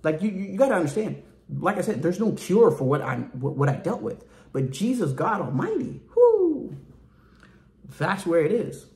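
A man preaching in an emphatic, colloquial way, as if talking straight to his viewers. His voice sits a little high and swings widely in pitch. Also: animated, brisk, darkish tone. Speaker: ministry speaker. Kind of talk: informal testimony preaching.

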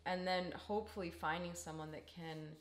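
A woman co-hosting a podcast, thinking aloud about coaching in casual chat with quick restarts. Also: on the low side, steady tone, reverberant. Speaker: podcast co-host.

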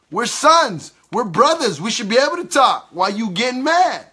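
A man's voice: extremely high pitch, big pitch swings, moderate pace, few pauses, sharp tone, breathy edge. A man giving an impassioned sermon, emphatic and repetitive, acting out the other side of quoted exchanges. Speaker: preacher.

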